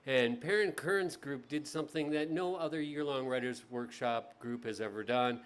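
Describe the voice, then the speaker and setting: A man emcees a literary festival, giving casual announcements to the crowd. His pitch sits mid-range and his talk is loose, with ums and restarts. He moves into introducing the next reader. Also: normal speed, clean tone. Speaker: festival host. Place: outdoor tent stage.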